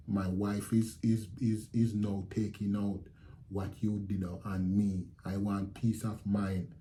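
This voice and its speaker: A middle-aged Jamaican man telling his viewers a story in a casual, animated way, repeating phrases and acting out what people said. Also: on the low side, unhurried. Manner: animated retelling with repeated phrases and quoted speech. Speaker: channel host telling a story.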